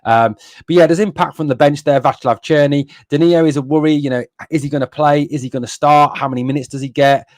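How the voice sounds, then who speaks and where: A man's voice: on the high side, steady tone, quick pace, a little mellow, no echo. A man from northeast England hosting a fan stream, blunt and exasperated, swearing and repeating himself as he rants and reads out viewer comments. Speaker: fan channel host. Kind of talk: live stream fan rant.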